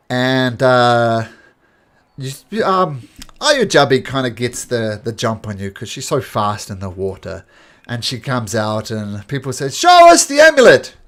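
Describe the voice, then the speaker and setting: A man running a tabletop game as game master, with a lively voice that rises and falls a lot. He rambles and stops to search for words. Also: mid-range voice. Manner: rambling, many fillers, lively.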